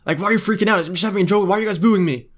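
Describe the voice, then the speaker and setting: A man's voice: high-pitched, racing, voice pushed up, lightly acted. A man putting on the voice of a complaining male tennis player who protests his innocence. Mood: whiny. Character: whiny, defensive male tennis pro.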